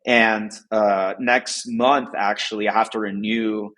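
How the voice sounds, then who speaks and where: A man's voice: lowish voice, level tone, takes it slowly, a bit bright, low-quality recording. A man from the United States, a podcast guest, chatting casually and rambling with lots of "like" fillers. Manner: rambling, heavy use of "like" fillers.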